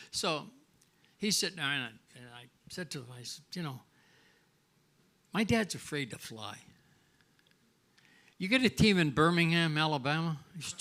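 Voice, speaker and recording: An older man from Canada, a former hockey player, telling rambling anecdotes as a guest and acting out the dialogue. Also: on the high side. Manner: rambling, animated, acts out dialogue. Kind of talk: casual anecdotal storytelling. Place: restaurant, live show.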